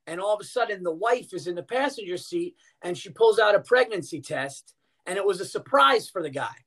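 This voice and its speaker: A middle-aged comedian guesting on a podcast tells stories in casual chat as an animated storyteller, swearing freely. His voice sits high and moves a little fast.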